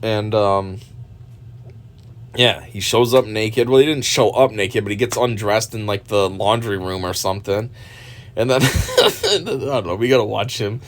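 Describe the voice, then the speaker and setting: A man's voice: lowish voice, big pitch swings, normal speed. A man hosting a reaction video, giving casual, profane, mocking commentary and laughing often.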